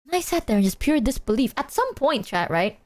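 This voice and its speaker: Animated, swearing woman streamer. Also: high voice, fairly quick. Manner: animated storytelling, heavy swearing. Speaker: live streamer. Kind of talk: casual chat to a stream audience.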